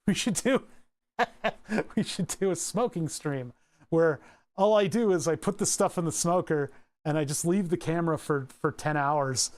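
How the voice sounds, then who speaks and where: A man chatting casually on a livestream from his home workshop, rambling and often restarting his sentences. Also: fairly high pitch. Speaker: streamer.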